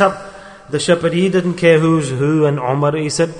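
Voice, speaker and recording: A man giving a storytelling sermon, animated, acting out dialogue and repeating phrases for emphasis. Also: fairly high pitch, moderate pace. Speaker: preacher. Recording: long hall reverb.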